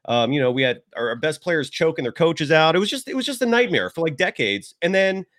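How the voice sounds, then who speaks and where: A man guesting on a sports podcast, rambling with lots of restarts. He speaks enthusiastically, his voice sitting a bit high for a man. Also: big pitch swings, a little fast, fairly bright tone. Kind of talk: casual sports podcast chat.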